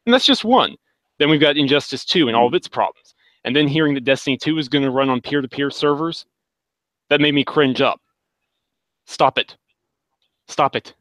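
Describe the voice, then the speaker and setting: A man's voice: medium pitch, steady tone, moderate pace, long pauses, a bit bright, dry recording, rough recording. A man co-hosting a gaming podcast, venting with frustrated energy. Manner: frustrated ranting. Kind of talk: casual chat.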